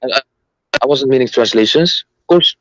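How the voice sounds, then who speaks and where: A man calls into a live-stream debate, answering questions and reading a text aloud in a hesitant, halting way. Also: mid-range voice, a bit bright, no room sound, muffled recording. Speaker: debate caller.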